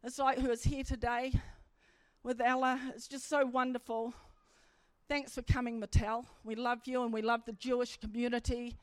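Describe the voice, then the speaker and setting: A woman preacher giving a church sermon, telling stories animatedly and building to emphatic high points. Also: little pitch movement, moderate pace, no echo. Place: church service.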